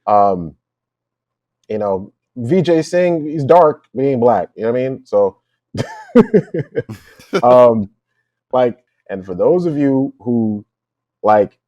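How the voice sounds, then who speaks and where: A man co-hosting a podcast in casual talk. He thinks out loud in a reflective, rambling way. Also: mid-range voice, lively intonation, takes it slowly, long pauses, no echo, lo-fi sound. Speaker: podcast co-host.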